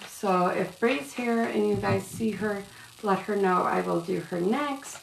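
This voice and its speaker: In an echoey room with faint background noise, a tarot reader gives rambling, casual live-stream readings and calls viewers "love" and "sweetheart." Her mid-range voice is creaky and a little slow.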